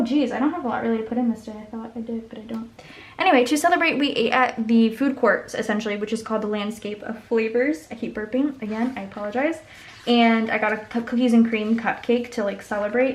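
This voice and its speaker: A young woman, chatting and rambling through a story while decorating her planner, filling it with "like". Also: a little high. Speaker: planner vlogger.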